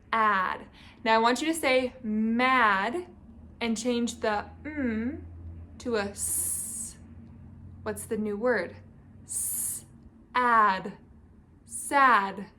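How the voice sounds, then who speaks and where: A young woman teaching a phonics lesson to small children. She talks very slowly with a bright, somewhat high voice. She sounds out each sound with care and encourages the children to join in. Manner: slow, clearly sounded-out speech with encouraging prompts. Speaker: reading teacher. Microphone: camera mic, teaching at a whiteboard.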